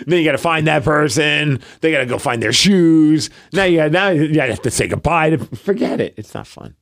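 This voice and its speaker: A man's voice: fairly high pitch, measured pace, gravelly. A middle-aged man co-hosting a podcast, telling a story in casual chat and acting out the voices of the people in it. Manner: animated, acts out quoted voices. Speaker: podcast co-host.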